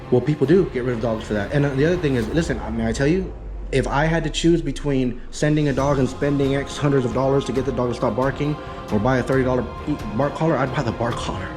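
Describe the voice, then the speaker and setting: A man working as a dog trainer, giving an in-home consultation in an emphatic, repetitive teaching manner. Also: medium pitch. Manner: emphatic, repetitive teaching, acts out excited praise.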